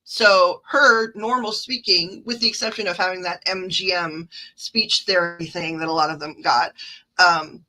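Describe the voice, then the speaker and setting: A woman with a Midwestern accent chats on a livestream, rambling through stories full of fillers and asides. Her voice is bright and forward. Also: lowish voice, steady tone, moderate pace, rough recording. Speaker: livestream card reader. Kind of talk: casual livestream chat.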